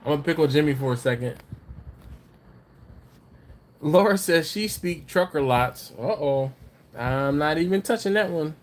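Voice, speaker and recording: This livestream host has been drinking and reads viewer comments in a somewhat high, expressive voice, unhurried and with long pauses. His talk rambles, he teases, and he laughs often. Faint noise sits in the background.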